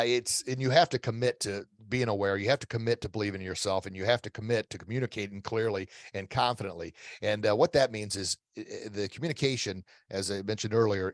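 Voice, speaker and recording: A middle-aged man with a fairly low voice gives emphatic, motivational coaching as a guest in an interview. He repeats key phrases and often restarts his sentences. The sound is dry, with no room around it. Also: no room sound. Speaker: guest expert.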